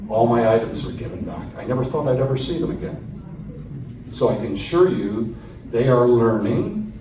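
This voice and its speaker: A man from Canada tells a live audience about his captivity in a personal storytelling talk, speaking earnestly and conversationally with frequent restarts. His voice is medium-pitched, expressive, and moderately paced. An audience member's phone captured it, so the lo-fi sound is distant and echoey in a hall, with a noisy background.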